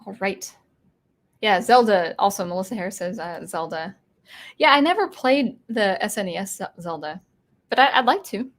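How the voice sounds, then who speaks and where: A woman's voice: medium pitch, animated, normal speed. Chatty American woman hosting a live Q&A. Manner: chatty, explanatory, with frequent restarts. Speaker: live-stream host of a music channel. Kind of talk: casual live Q&A, reading viewer comments aloud.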